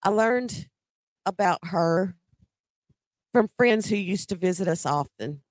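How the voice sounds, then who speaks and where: A woman's voice: fairly low pitch, lively intonation, slow pace, dry recording. Middle-aged woman telling a personal story. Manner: conversational, emphatic in quoted dialogue.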